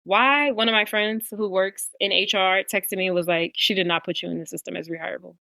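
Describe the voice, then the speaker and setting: Bright-voiced young woman telling a story. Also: mid-range voice, brisk, vocal fry, no room sound. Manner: animated storyteller, swears freely. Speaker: podcast co-host. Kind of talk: casual chat, storytelling.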